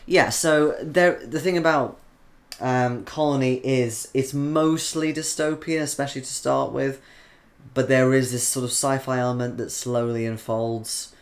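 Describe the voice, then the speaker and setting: A man's voice: mid-range voice, fairly even intonation, measured pace. A man from the Isle of Man hosting a live stream, chatting casually and reading out viewer comments, rambling with frequent ums. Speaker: livestream host reading chat.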